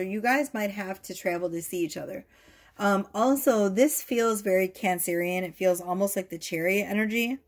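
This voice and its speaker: A woman giving a casual tarot reading to camera, gushing and excitable, swearing freely as she talks. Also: medium pitch. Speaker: tarot reader.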